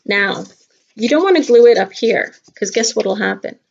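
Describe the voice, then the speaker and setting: A middle-aged woman teaches young children a craft, chatty and playful, talking right to them. Her voice has a strong gravelly fry. The sound is dull and lo-fi, like a home video. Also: fairly high pitch, lively intonation, normal speed. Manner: chatty, playful, talks straight to kids. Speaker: kindergarten teacher.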